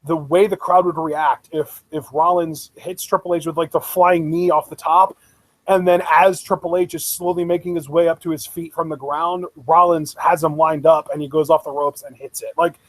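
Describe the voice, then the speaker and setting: A young man with a high voice, recorded dry and close, chatting as a co-host of a wrestling review. He sounds enthusiastic, laughs often, and fills his sentences with "like" and restarts. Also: fairly even intonation, normal speed, dry recording, rough recording. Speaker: podcast co-host. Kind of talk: casual wrestling review chat.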